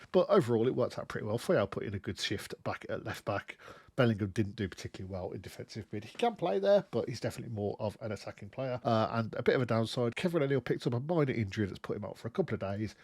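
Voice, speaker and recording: Excitable man narrating a football game. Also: on the low side, slightly rough, dry recording. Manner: expressive, excitable, swears freely. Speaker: gaming YouTuber. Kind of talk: casual let's-play commentary.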